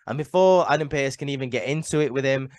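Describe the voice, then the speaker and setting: A man's voice: mid-range voice, fast, darkish tone, no echo. Sniffly man giving a chatty review. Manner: chatty and opinionated, many "um" and "like" fillers, repeats words. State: ill, sniffling. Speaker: wrestling show reviewer. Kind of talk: casual solo review.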